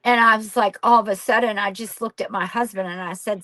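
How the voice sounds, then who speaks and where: A woman's voice: medium pitch, fairly even intonation, fairly quick, bright, forceful tone, dry recording, low-quality recording. Candid woman telling a hard story. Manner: candid, rambling, reenacts dialogue, swears casually. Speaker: guest. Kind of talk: emotional personal storytelling.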